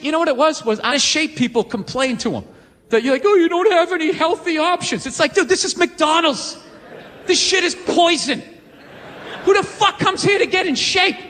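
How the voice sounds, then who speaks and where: A man's voice: extremely high pitch, a bit bright. A man in his forties doing a profane, exasperated stand-up rant on a comedy stage with a handheld mic. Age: 40s. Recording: live hall reverb, faint noise.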